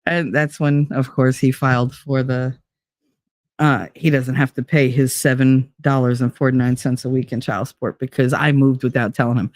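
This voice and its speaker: A woman's voice: a bass voice, normal speed, no echo, studio quality. A middle-aged woman, sick with a cold, rambling bluntly and profanely to her stream viewers. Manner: blunt, profane, animated storytelling. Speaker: livestream host. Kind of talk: casual rambling chat to viewers.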